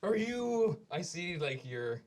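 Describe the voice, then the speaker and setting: A man's voice: sits high, very animated, slow, voice pushed up, exaggerated voice. A tall, long-limbed magic-user reporter, nervous and bewildered, as a man puts him on. The voice sits well above a normal speaking range and keeps tripping over itself in a flustered way.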